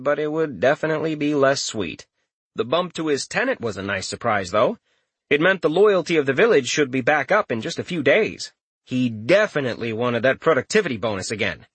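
A man reading an audiobook aloud in a lively, expressive way. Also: mid-range voice, slightly rough, no room sound. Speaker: audiobook narrator. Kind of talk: scripted narration.

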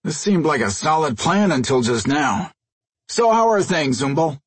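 A man's voice: on the high side, sing-song, moderate pace, slightly rough, dry recording, voice pushed up. A man doing a wisecracking reckless hero. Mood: wry. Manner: wisecracking, breezy. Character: flippant human bounty hunter, reckless joker.

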